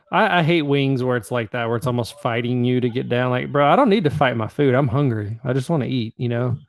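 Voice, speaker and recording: A man's voice: mid-range voice, fairly quick, no room sound. A man co-hosting a podcast, joking around casually and reading out fan questions. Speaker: podcast co-host.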